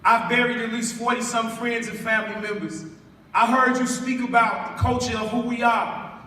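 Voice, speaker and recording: A man in his late forties from Chicago's West Side, giving a preacherly spoken-word speech to a school audience, calling for responses and building to loud emphatic lines. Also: extremely high pitch, fairly even intonation, moderate pace, slight background noise. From West Side of Chicago, USA. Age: 40s. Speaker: spoken word poet and speaker. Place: large school hall. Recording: echoey hall from far off.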